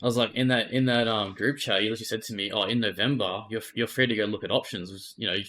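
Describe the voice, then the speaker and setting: A man's voice: fairly low pitch, steady tone, fast, a bit bright. An Australian man, an esports player, candidly retelling events in a casual interview and swearing freely.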